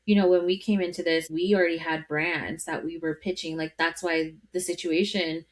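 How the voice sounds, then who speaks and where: A woman's voice: fairly low pitch, fairly even intonation, moderate pace. A woman co-hosting a podcast in casual chat, talking with lots of fillers and often overlapping her co-host.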